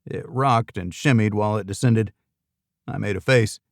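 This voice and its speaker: A man's voice: normal speed, dry recording. A man narrating a first-person thriller audiobook with a dry, wry delivery. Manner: dry, wry delivery, lifting pitch for dialogue.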